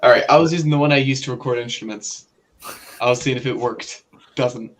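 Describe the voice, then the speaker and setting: A male player at a tabletop game, loud and excitable, swearing in surprise. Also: mid-range voice, fairly quick, slight background noise. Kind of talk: casual chat at a game table.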